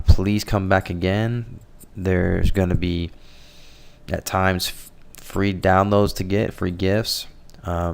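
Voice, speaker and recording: A man teaching Spanish vocabulary over a slideshow in a relaxed, explanatory way, correcting himself as he goes. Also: deep voice, creaky, clear, resonant tone. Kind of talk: slideshow language lesson.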